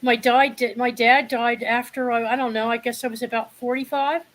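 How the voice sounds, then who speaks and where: A woman's voice: fairly high pitch, level tone, normal speed, fairly bright tone. A woman in her sixties speaking bluntly and passionately in a candid live discussion. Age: 60s. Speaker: panel guest.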